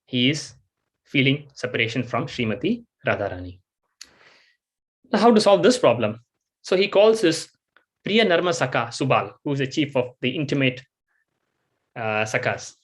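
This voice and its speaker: A man giving a devotional storytelling talk, animated and acting out the scenes he tells. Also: medium pitch, moderate pace, long pauses. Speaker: devotional speaker.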